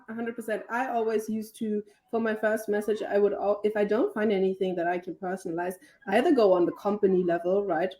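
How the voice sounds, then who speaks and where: Woman giving relaxed advice. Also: mid-range voice, rough recording. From Germany. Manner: relaxed, conversational, frequently adds "right?". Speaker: guest expert. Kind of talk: casual advice chat.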